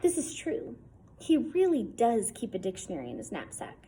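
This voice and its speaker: A woman narrates a first-person story in a relaxed, wry, conversational way. Her voice sits a little high but sounds mellow and soft-edged. Faint background noise runs under the reading. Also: moderate pace, rough recording. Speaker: audiobook reader.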